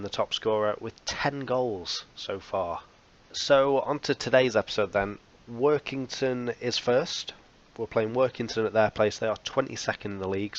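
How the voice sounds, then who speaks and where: A man's voice: lowish voice, lo-fi sound. A man hosting a football management let's play, recapping results in a casual, wry, self-mocking way. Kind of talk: casual game commentary.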